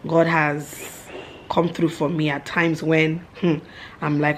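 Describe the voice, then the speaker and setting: A woman's voice: sits low, takes it slowly, slight background noise. A woman in her thirties with a Nigerian accent, talking casually to camera in a home vlog and slipping into pidgin. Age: 30s. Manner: chatty, mixes in pidgin, turns loud and giddy when excited. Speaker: vlogger.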